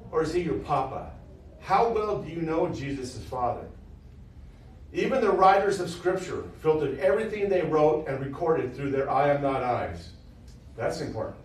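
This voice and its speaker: A male preacher gives an informal teaching sermon, talking to his audience in a loose, conversational way and repeating key phrases. His voice sits a little high. It is picked up from a distance in a very echoey room with faint noise behind it. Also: darkish tone.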